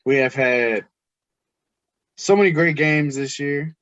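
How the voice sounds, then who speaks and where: Animated man hosting a sports podcast. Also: on the high side, takes it slowly, dry recording, muffled recording. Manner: animated, teasing, mimics others' voices. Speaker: podcast host. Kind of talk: casual sports podcast chat.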